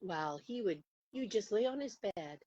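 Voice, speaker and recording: A woman over forty in casual conversation, telling a personal story in an animated way, laughing often and acting out what people said. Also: medium pitch, moderate pace, slightly rough, dry recording. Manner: animated, laughing, acts out quotes with rising voice. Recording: muffled lo-fi audio.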